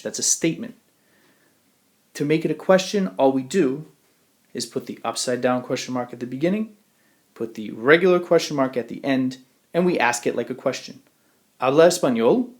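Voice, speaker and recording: A man teaching Spanish over a screencast at an ordinary, mid-height pitch. He talks through the grammar step by step, asks rhetorical questions and slows right down to model each example phrase. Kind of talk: screencast lesson.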